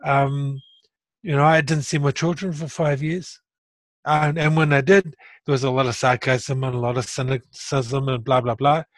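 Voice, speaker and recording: A man's voice: mid-range voice, moderate pace, no room sound. Blunt, earnest man with a dry sound. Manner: earnest, blunt, animated when retelling. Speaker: guest sharing stroke recovery story. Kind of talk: casual conversation.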